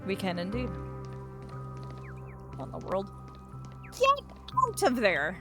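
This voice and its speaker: A woman's voice: mid-range voice, wildly swooping pitch, takes it slowly. A woman streaming a game live, chatting playfully and reading game lines aloud as she plays. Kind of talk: live gameplay commentary. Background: game music.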